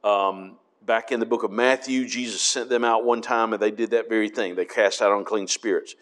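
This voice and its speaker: A man's voice: fairly low pitch, fairly even intonation, moderate pace, a bit bright. A man, a pastor, teaching a Bible study in a conversational way, reading scripture aloud between casual fillers and asides.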